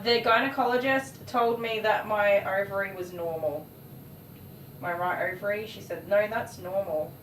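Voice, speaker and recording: A woman chatting casually and rambling while she works as a dog groomer on a livestream. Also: fairly low pitch. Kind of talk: casual chat while working. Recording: roomy, distant mic, faint noise.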